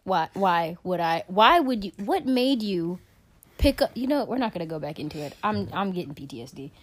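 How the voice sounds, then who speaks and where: A young woman co-hosting a casual podcast, telling stories in an animated, profane, dramatic way. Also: lowish voice, moderate pace. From Caribbean family. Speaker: podcast co-host. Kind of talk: casual storytelling chat.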